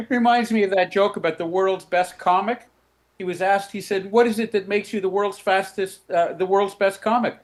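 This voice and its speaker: A man who is a guest on a live talk show, chatting in a relaxed way and telling a joke with a storyteller's timing. His voice sits on the high side. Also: a little slow, pauses often. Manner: jokey storyteller. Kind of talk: casual chat.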